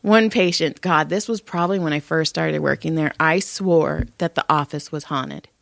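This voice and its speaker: A middle-aged woman, a massage therapist co-hosting a podcast, telling stories in a lively, profane casual chat and acting out the voices. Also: deep voice, moderate pace, gravelly, dry recording. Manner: animated, profane storyteller who acts out voices.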